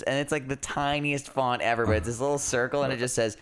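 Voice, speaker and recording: A man's voice: medium pitch, steady tone, fast, a bit bright, smooth. A man co-hosting a podcast, telling stories in laid-back, profane casual chat. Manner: laid-back, swearing, storytelling. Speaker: podcast co-host.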